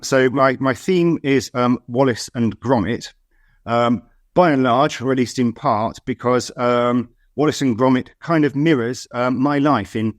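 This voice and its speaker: A man from the West Country of England, a guest speaking in casual chat over a video call, hesitant with many pauses and a wry tone. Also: medium pitch, dry recording, studio quality. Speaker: guest, head of local plans.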